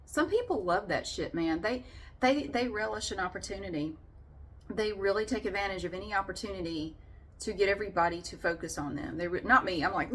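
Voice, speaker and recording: A woman's voice: medium pitch, animated, fairly quick, bright, forceful tone. A middle-aged woman vlogging in a casual, chatty way with frequent fillers. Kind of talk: casual chat to camera.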